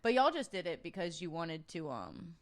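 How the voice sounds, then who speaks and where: A woman's voice: on the low side, animated. Rambling young woman, easy laugh. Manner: rambling, filler-heavy, quick to laugh. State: sleep deprived. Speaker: podcast co-host. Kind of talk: casual chat.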